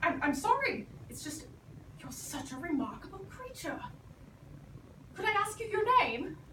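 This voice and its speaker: A woman's voice: very high-pitched, a little slow, background noise, pitched above the performer's own voice, exaggerated voice. Woman playing a fussy explorer. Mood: fawning. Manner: excitable, fussy, shrieking. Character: pompous male English colonist explorer. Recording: echoey stage from far off.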